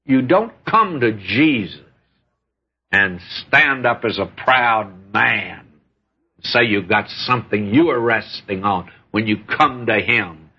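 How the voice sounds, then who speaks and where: A man preaching a sermon, telling stories in a folksy way with lively rises and falls in pitch. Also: slow, breathy edge. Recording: dull lo-fi recording.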